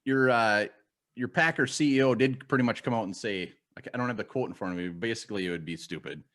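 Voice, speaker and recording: A man's voice: medium pitch, quick pace, a bit bright. A man hosting a casual sports podcast, wry and joking as he questions his guest. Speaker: podcast host.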